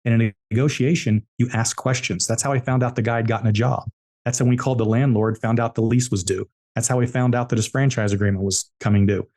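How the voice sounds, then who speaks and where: A man's voice: medium pitch, fairly even intonation, fast, darkish tone. A man, an entrepreneur guest on a podcast, telling business stories emphatically and repeating his key points. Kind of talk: storytelling interview answers.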